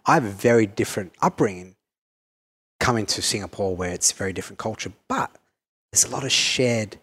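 A man's voice: on the low side, a little fast, fairly bright tone, breathy edge. An Australian man from Perth, a business owner, talking reflectively in an interview with many fillers and restarts.

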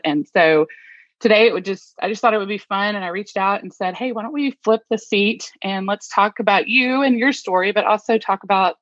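A woman's voice: medium pitch, a bit bright, no room sound. Upbeat woman interviewer, dull dry sound. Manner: upbeat, encouraging, laughs easily. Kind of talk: casual interview.

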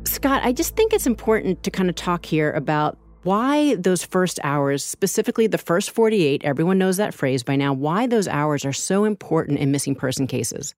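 Low-voiced woman narrating true crime. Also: expressive, no room sound, soft background music. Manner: earnest, measured storytelling. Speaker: podcast co-host.

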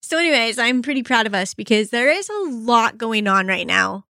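A talkative woman chatting on a podcast, laughing easily between thoughts. Her voice sits a little on the high side. The sound is dry and close, with no room around it. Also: expressive, normal speed, bright, forceful tone, no room sound. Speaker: podcast co-host. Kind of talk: casual chat.

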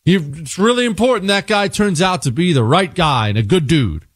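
A man's voice: on the high side, animated, normal speed, no room sound, studio quality. A man hosting a talk radio show, speaking conversationally and often stopping to correct himself.

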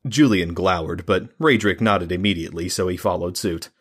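A man reading a fantasy novel aloud as an audiobook narrator, in a steady, measured way. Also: low voice, husky.

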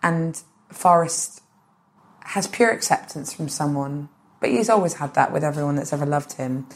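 A woman's voice: sits low, lively intonation, normal speed. A woman comedian talking as a podcast guest, gushing about films and tripping over repeated words. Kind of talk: casual comedic interview.

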